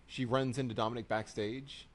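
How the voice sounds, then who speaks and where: A man's voice: medium pitch, fairly even intonation, moderate pace, slight background noise. Male co-host, mid-range voice, chatty, mimics quotes. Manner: chatty, acts out quotes in little put-on voices. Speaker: podcast co-host. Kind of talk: casual wrestling recap chat.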